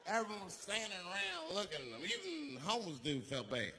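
A man doing stand-up, telling a story and acting out the people in it with shouts and gasps. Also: high-pitched, huge pitch swings, a little fast. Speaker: stand-up comedian. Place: comedy stage before a live audience.

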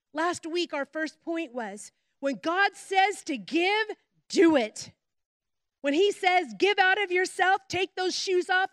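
A woman pastor with a very high, bright-sitting voice delivers an emphatic sermon, slowing down to press on key words. She tells stories with expressive quoted voices. The sound is close and dry, with no room around it. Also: no echo. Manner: warm storytelling with voiced quotes.

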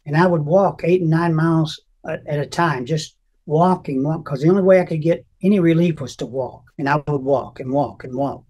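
An older man telling an emotional personal testimony as an interview guest, earnest and halting, often restarting his sentences. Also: on the high side, darkish tone.

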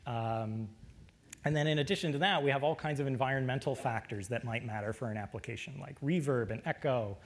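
A man giving a technical lecture, relaxed, with frequent fillers. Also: medium pitch, husky.

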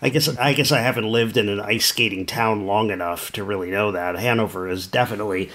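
Male podcast co-host, lowish voice, wry and musing, halting casual delivery. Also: fairly bright tone. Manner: thoughtful, wry, pauses often with fillers. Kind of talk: casual chat.

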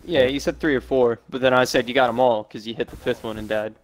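A man's voice: medium pitch, fairly even intonation, quick pace. A young man teasing his teammates in a laid-back way during an online match. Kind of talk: casual gaming chat.

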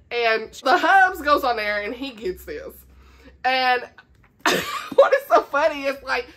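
A woman's voice: on the high side, a bit bright. A chatty woman with a Southern US accent, showing off her book haul in a casual vlog and laughing often. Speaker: book vlogger.

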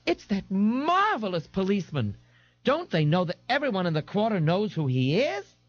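A flamboyant young dandy gushes in a high, swooping, sing-song voice full of breathy gasps and theatrical delight. He teases with mock horror, and every phrase swings up and down. The dry, slightly dull 1989 audiobook tape sits close and unadorned. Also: very animated, moderate pace, no room sound. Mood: gushing. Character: flamboyant, giddy young man, teasing and theatrical. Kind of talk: audiobook character voice.

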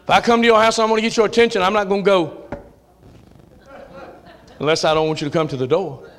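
A man with a Southern US accent preaching a sermon in a church, folksy, dropping to low asides and rising to shouted calls. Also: steady tone, fast talker, slight background noise. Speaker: pastor. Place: church sanctuary.

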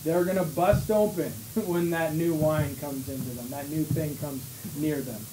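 A man's voice: a little high, steady tone, a little slow. A man with a Canadian accent preaching a sermon as pastor, reading scripture aloud and sometimes mocking the voices of hypocrites. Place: small church hall. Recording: echoey room, faint hiss.

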